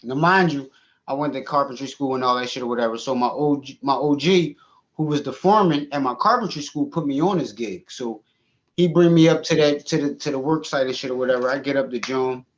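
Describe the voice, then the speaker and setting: A man co-hosting a podcast, telling a story in casual, profane, animated chat and laughing often. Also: medium pitch, a little fast, muffled recording. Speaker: podcast co-host.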